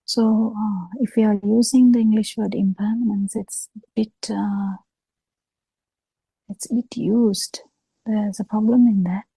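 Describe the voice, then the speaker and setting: A woman giving a Buddhist talk over a video call, speaking slowly with halting pauses and fillers. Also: medium pitch, fairly even intonation, vocal fry, dark tone, husky, no echo, rough recording. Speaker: Buddhist teacher.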